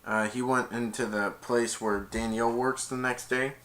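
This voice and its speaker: A man's voice: medium pitch, steady tone, normal speed, a bit bright. A young man casually retelling a movie's plot in a rambling, loose way, stringing events together with "and then". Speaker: movie reviewer.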